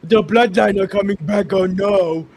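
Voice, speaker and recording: A man's voice: high-pitched, fairly even intonation, a little slow, darkish tone. A man from England with an English accent, co-hosting a casual stream with teasing banter. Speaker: co-host. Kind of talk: casual live-stream chat.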